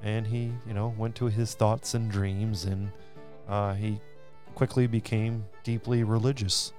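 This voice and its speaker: A man's voice: lowish voice, soft background music. Laid-back man retelling history. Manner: relaxed, quick to joke. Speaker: podcast co-host. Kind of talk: casual chat, retelling history.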